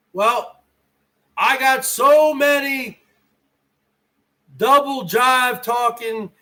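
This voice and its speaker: A man hosts a livestream from his garage, ranting at his chat in a taunting, profane way. His voice sits very high for a man. The tone is bright and sharp, and he drags his words out slowly. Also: rough recording. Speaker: livestream host. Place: home garage.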